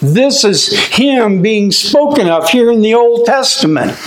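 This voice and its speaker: A man preaching a sermon with an emphatic, drawn-out cadence. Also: very high voice, expressive, echoey room, low-quality recording.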